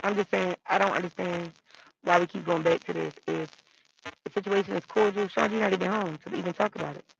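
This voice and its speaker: Calling in to a stream over a muffled, glitchy mic, a woman defends herself and repeats her points in a heated, casual chat. Her voice is fairly low, husky and steady-toned, with vocal fry and a fast pace.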